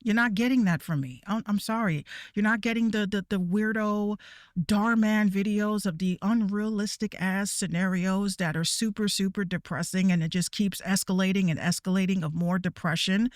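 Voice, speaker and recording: A woman's voice: mid-range voice, steady tone, normal speed, no echo, studio quality. A woman VTuber ranting casually to her viewers, profane and rambling, with stammering restarts. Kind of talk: casual rant.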